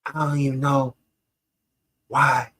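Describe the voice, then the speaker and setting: A man doing an impression of a cocky male wrestler, talking in a slow, drawn-out, lazy way. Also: mid-range voice, little pitch movement, a bit bright, pitched below the performer's own voice. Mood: lazy drawl.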